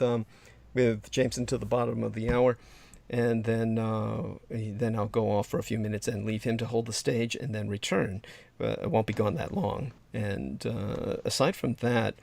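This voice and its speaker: Gravelly, tired man hosting a livestream. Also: medium pitch, darkish tone. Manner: rambling, many fillers and restarts. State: tired, sleep-deprived. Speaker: livestream host. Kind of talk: casual livestream chat.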